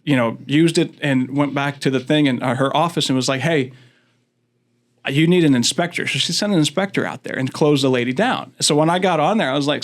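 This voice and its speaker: A man's voice: fairly high pitch, brisk. A man from Florida, a father, casually telling rambling stories as a podcast guest, laughing often and acting out what others said. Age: adult, father of school-age daughters. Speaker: guest, county commission candidate. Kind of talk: casual storytelling chat.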